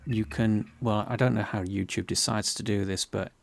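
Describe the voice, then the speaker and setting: A man's voice: lowish voice, fairly even intonation, moderate pace, vocal fry. A man casually explaining a 3D program on screen, with many ums and restarts. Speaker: 3D tutorial host. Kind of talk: casual screen-share chat.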